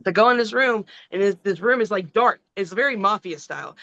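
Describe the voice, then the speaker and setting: A middle-aged woman, a wrestler, telling a long story in a casual, profane, animated way. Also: mid-range voice, brisk, dry recording, muffled recording. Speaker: wrestling guest.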